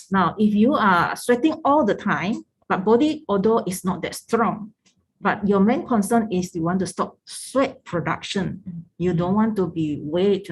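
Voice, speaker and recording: Woman product trainer, clear step-by-step explainer, faint hiss behind. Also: medium pitch, rough recording. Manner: explanatory, asks rhetorical questions, ends points with "yeah?".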